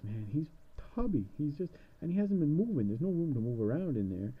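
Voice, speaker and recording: This man retells a fairy tale in a loose, comic way, tossing in sarcastic asides as he rambles along. His voice is husky with a lively, swooping pitch, and the recording sounds muffled and lo-fi. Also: a little fast, few pauses. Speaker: storyteller. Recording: dull lo-fi recording.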